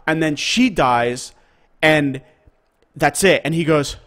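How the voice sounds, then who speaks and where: A man co-hosting a podcast, retelling a story in a lively, emotional way with plenty of swearing. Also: a little high, a little slow. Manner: animated storytelling, swears freely. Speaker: podcast co-host. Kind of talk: casual chat.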